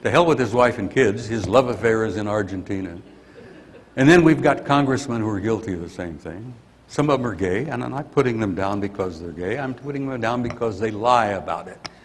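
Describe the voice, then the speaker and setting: A man's voice: medium pitch, animated, fairly quick, in a large hall. An older man giving a blunt, grumpy conference talk and venting his anger. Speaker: conference speaker. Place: conference hall.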